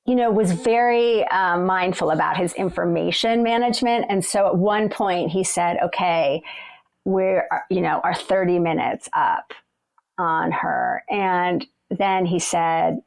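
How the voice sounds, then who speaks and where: A middle-aged woman telling a personal story in a reflective, halting way, full of fillers and restarts. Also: on the low side, gravelly. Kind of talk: personal story told aloud.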